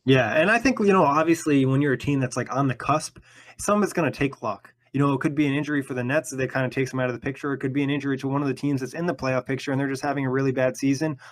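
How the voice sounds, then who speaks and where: A man hosting a casual sports podcast, easygoing and quick to laugh. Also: mid-range voice, fairly even intonation. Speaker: podcast host.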